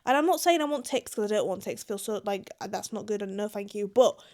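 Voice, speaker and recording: A woman's voice: medium pitch, lively intonation, fast, darkish tone. A young British woman reacting to online confessions in casual, blunt commentary, swearing freely. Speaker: YouTuber.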